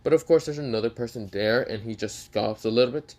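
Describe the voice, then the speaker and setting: A man's voice: medium pitch, fast talker, a little mellow. A man narrating an improvised fan story, full of fillers and restarts. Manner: hesitant, many fillers and restarts.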